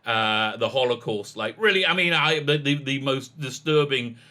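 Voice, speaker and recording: Sharp-toned, halting rabbi arguing politics. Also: male voice, medium pitch. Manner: halting, many restarts, emphatic rising challenges. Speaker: rabbi and online commentator. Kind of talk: argumentative political commentary.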